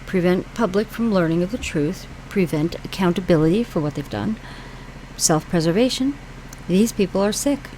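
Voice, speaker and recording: A woman's voice: fairly low pitch, lively intonation, normal speed, darkish tone, a little hiss or hum, rough recording. A woman from New York hosting her own channel, reading online posts aloud and commenting on them in a rambling, conversational way. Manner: rambling, conversational, with frequent fillers and asides. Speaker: channel host.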